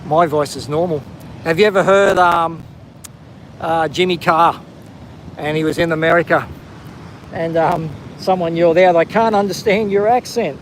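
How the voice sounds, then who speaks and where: A man's voice: fairly high pitch, steady tone, moderate pace, pauses often, a little hiss or hum, poor audio. Chatty Australian man live on the coast. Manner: chatty, greeting viewers by name between remarks. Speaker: livestream host. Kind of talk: live outdoor walking stream. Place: outdoors on a windy coastal headland.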